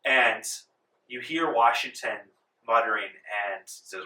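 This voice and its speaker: Man game master, casual rambling narration, very bright voice, echoey room, distant mic. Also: mid-range voice, expressive, moderate pace. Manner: casual, filler-heavy narration. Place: library meeting room.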